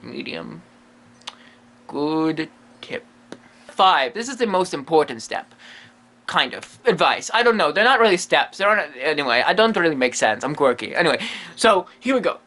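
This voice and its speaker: Man doing a goofy ghost medium, broken english with dropped articles, bright voice that swings up and down a lot. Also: a little high, heavily acted. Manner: broken English that drops articles, rambling asides. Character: quirky lonely male ghost medium, self-amused and rambling. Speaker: comedy vlogger in character. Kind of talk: comedy character monologue.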